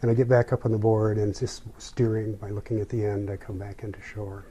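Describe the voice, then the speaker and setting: Male interview guest, unhurried and reflective storyteller, dark mellow tone. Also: fairly low pitch, flat delivery, breathy edge, lo-fi sound. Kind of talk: personal storytelling.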